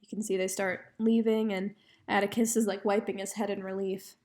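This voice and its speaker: A young woman retells a story in a relaxed, conversational way, dropping in fillers as she goes. Her voice sits at an ordinary middle pitch for a woman. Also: normal speed. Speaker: reader retelling a graphic novel.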